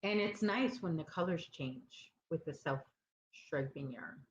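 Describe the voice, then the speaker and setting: Brief: woman, crochet-stream host, lowish voice, rambling and sleepy, roomy dull recording with faint hiss. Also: animated, slow pace. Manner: rambling, chatty, loses her train of thought. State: sleepy, yawning. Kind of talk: casual chat with live viewers.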